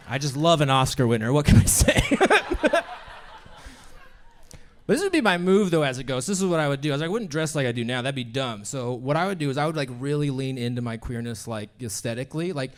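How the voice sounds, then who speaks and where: A man's voice: mid-range voice, lively intonation, fairly quick, slight background noise. A young man performing a brash, crude stand-up set in a comedy club, laughing at his own jokes.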